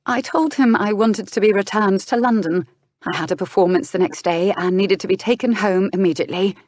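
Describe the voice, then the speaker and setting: A woman narrator voicing a young female stage actress, tearful and breaking into sharp outbursts. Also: medium pitch, fairly quick, no room sound, lightly acted. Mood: hushed. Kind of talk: audiobook dialogue reading.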